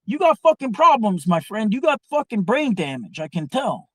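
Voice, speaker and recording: A man voicing a furious, loudmouthed man who chews someone out with mocking, swearing jabs in a raised voice. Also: high-pitched, wildly swooping pitch, normal speed, no room sound, clean studio sound, voice pushed up, heavily acted. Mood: berating.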